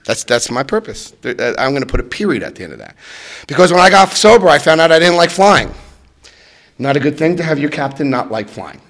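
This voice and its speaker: A man in his fifties telling a personal recovery story to an audience, acting out quotes with sudden jumps in pitch and loudness. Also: very animated, a little fast. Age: 50s. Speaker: recovery speaker.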